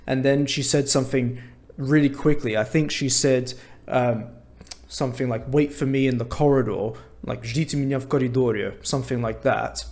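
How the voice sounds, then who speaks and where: A young English man with an English accent, teaching learners in a measured, clear talk to camera. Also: mid-range voice. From England. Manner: measured, clear, explains words plainly.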